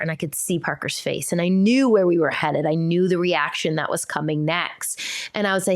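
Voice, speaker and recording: A woman in her thirties hosting a podcast, talking in a casual, explanatory way with lots of "like" and lively quoted voices. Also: lowish voice, dry recording, clean studio sound. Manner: animated, quick shifts into acted-out quotes; chatty, filler "like" and restarts. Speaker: podcast host.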